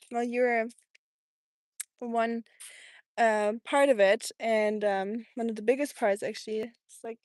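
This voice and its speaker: A woman with a thick German accent hosts a casual live stream from home in Tennessee, reading viewer comments aloud and answering with easy laughter. Her voice is a little high and a little mellow, recorded close and dry with no room echo.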